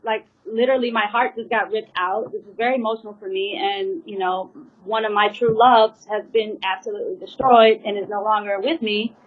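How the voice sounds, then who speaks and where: Woman, mid-pitched, rambling and earnest, slightly muffled lo-fi sound. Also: steady tone, a little fast. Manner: rambling, full of "you know" and "like" fillers; earnest, pleading. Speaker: drummer. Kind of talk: emotional personal account.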